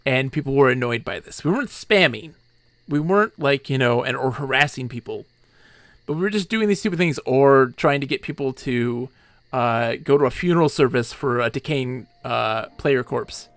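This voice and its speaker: A man's voice: medium pitch, moderate pace, no room sound. A man streaming a game live, rambling enthusiastically and laughing often between thoughts.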